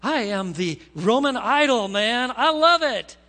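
A man's voice: extremely high pitch, expressive, unhurried, sharp tone, long reverb tail, voice pushed up, full character voice. A man doing a gloating vain old-time king. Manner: gloating, self-satisfied. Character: vain boastful male ancient king, adult. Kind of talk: acted quote within a sermon.

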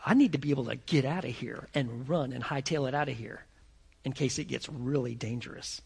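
A man playing a cornered man losing his nerve, dropping low and hushed and tripping over his words. The voice keeps a gravelly rasp and slips toward a whisper as the panic rises. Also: a little fast. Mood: panicked. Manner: stammering, hushed.

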